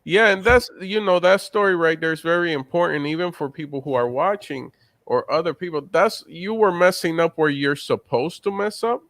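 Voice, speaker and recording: A male comedian on a podcast, explaining industry tips in relaxed conversation. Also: a little high, normal speed, creaky, dry recording. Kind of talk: casual podcast chat.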